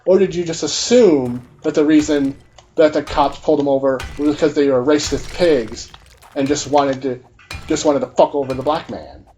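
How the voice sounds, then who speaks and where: A man's voice: a little high, normal speed, mellow, a little hiss or hum. A man giving a combative, profanity-heavy ranting commentary over gameplay, full of mocking rhetorical questions. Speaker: gaming video creator.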